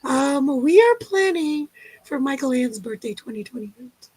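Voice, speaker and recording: A woman telling lively stories on a casual livestream chat and acting out the people in them. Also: high voice, measured pace. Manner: animated storyteller, acts out quotes. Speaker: guest storyteller.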